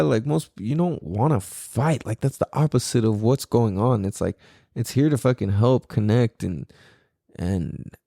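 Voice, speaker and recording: A man hosting a podcast, talking in a loose, animated, profane rant full of fillers. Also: mid-range voice, dry recording, clean studio sound. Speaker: podcast host.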